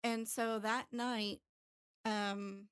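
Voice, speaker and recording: A woman's voice: fairly high pitch, little pitch movement, extremely slow, fairly bright tone, clean tone, dry recording, studio quality. A woman in her thirties telling a personal story candidly in casual chat, with plenty of fillers. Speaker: podcast co-host.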